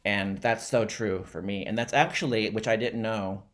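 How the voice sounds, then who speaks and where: A man talking in a casual, rambling monologue, trying out a rough joke with fillers and self-deprecating laughs. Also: fairly low pitch, steady tone, normal speed.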